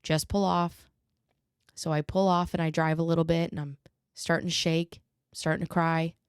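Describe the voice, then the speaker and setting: A woman with a lowish, smooth and clear voice recounts a personal story as a podcast host. Her delivery is earnest and emotional, and she speeds up when the story gets tense. The sound is close and dry. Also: flat delivery, a little fast, no echo.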